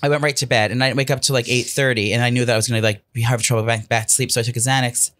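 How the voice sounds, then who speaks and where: A man's voice: mid-range voice, fairly even intonation, very fast, fairly bright tone. A man co-hosting a podcast, chatting casually while sleepy and a little lethargic.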